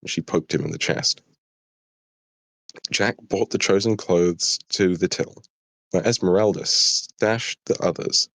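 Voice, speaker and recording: Tired, low-voiced British man reading a story. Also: unhurried, vocal fry, fairly bright tone, no room sound. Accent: southern English. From Britain. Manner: apologetic, chatty asides. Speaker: streamer reading his own story. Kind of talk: live story reading and chat.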